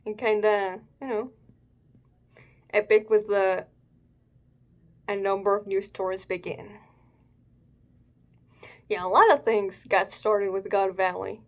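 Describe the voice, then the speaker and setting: A young adult woman with a medium-pitched, flat voice speaks slowly, leaving long pauses. Hosting her own manga reaction video, she offers casual commentary, thinking aloud hesitantly and using fillers.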